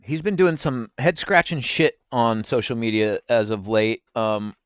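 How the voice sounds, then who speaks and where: A man's voice: mid-range voice, a little slow, clear, resonant tone, dry recording, highs cut off. A young man streaming live, chatting casually with his viewers and swearing freely. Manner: animated, swearing, talks to chat. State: recovering from gallstones.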